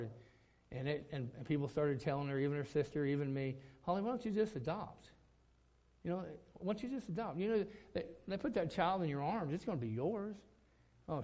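A middle-aged man, a pastor preaching a sermon, telling a story that climbs to loud, emphatic peaks. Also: on the high side.

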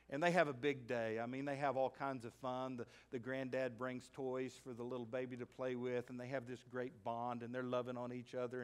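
Male pastor, mid-pitched, animated sermon storyteller who bursts into shouts for emphasis. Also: smooth. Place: church sanctuary.

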